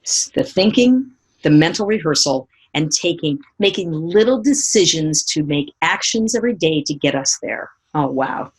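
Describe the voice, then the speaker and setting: Husky-voiced woman giving a motivational talk. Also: sits low, normal speed. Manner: animated storytelling, acting out remembered voices; asks the audience direct questions. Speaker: motivational speaker.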